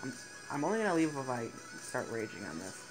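A teenage boy giving excitable gaming commentary, swearing and laughing often. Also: medium pitch, brisk, poor audio. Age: teens. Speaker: gaming YouTuber. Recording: game music playing behind the voice.

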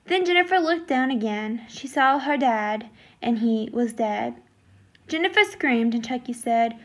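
A woman reads out a homemade horror story, slow and unhurried. Her voice sits fairly high, and she talks in a halting, apologetic way with fillers. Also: animated. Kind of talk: reading her own story aloud.

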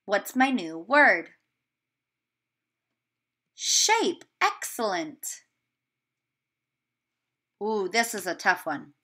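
Slow, bright-voiced woman teacher. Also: mid-range voice, animated. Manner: slow, encouraging, sounding words out. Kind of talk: remote video lesson for young children.

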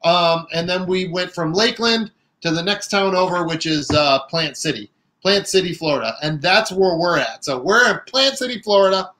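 A man's voice: high voice, lively intonation, moderate pace, bright, forceful tone, slight background noise. A man co-hosting a casual craft livestream, chatting and reading out viewers' comments. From Chicago area, United States. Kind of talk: casual live-stream chat.

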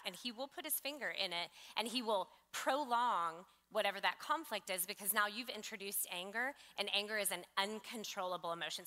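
A woman's voice: medium pitch, pushed and bright. A woman sharing a conversational sermon, earnest and affirming, citing scripture. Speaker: pastor. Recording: long reverb of a church hall.

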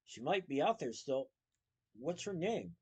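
A man's voice: a little high, big pitch swings, unhurried, a little mellow, husky, exaggerated voice. A man voicing a feisty, blunt orphan girl in a read-aloud story.

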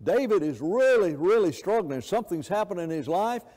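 Impassioned preacher, echoey church hall. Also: male voice, high voice, expressive, moderate pace, warm tone. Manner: impassioned, with repeated words and restarts. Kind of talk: sermon. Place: church sanctuary.

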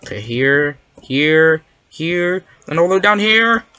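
A gamer giving excitable, rambling commentary while playing, yelping and protesting whenever a trick fools them. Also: mid-range voice, slow pace, smooth, dry recording. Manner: excitable, yelps and protests when fooled; rambling, self-correcting. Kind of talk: Minecraft gameplay commentary.

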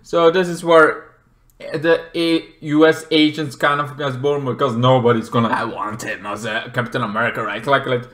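A man's voice: mid-range voice, steady tone, moderate pace, a bit bright. A man casually recapping a show episode in a rambling way, full of fillers and restarts. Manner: rambling, many fillers and restarts, talks in loose run-on clauses. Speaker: show reviewer.

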